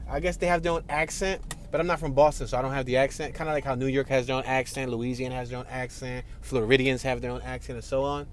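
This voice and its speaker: A man's voice: mid-range voice, steady tone, fast talker, hardly any pauses, slight background noise. A man giving casual running commentary while driving through city streets, chatty and laughing often. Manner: chatty, laughs often, talks to people outside the car. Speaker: driving tour vlogger. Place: inside a car in city traffic.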